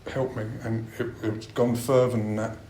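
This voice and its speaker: A man's voice: medium pitch, level tone, normal speed, dark tone, slight background noise. A middle-aged man giving a blunt personal share at a recovery meeting, swearing a lot as he talks. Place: meeting room. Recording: roomy meeting-room echo.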